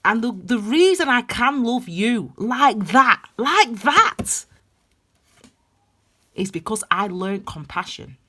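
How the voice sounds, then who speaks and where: A woman giving a passionate, blunt tarot reading that swings between loud emphasis and hushed intensity. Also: a little high, very animated, slow pace. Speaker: tarot reader. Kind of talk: intuitive tarot reading, spiritual pep talk.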